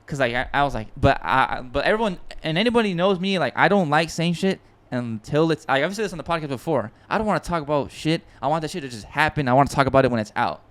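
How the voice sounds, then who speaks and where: A man hosting a podcast, telling a story in a casual, excitable and rambling way with frequent swearing and restarts. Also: a little high, quick pace, hardly any pauses. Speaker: podcast host and music producer.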